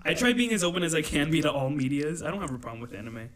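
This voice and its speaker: A man's voice: fairly high pitch, sing-song, racing, fairly bright tone. A young man co-hosting a casual chat with friends, teasing and laughing often. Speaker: podcast co-host.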